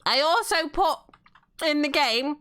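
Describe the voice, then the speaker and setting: A woman's voice: high voice, expressive, unhurried, sharp tone. A woman chatting casually while playing a game, telling stories and laughing often. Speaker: game streamer. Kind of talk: casual gameplay chat.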